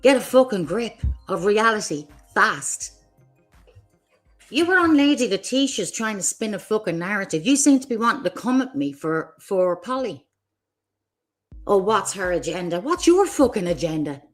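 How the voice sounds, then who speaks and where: A woman's voice: mid-range voice, sing-song, moderate pace, faint music behind. A woman hosting her own livestream, delivering an angry, profane, confrontational rant at other creators. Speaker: streamer host.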